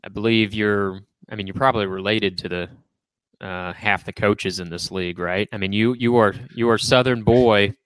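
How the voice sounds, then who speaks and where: A man's voice: fairly low pitch, fairly even intonation, normal speed, smooth, dry recording. A man hosting a sports talk show, opinionated and playfully teasing as he trades takes with his co-host.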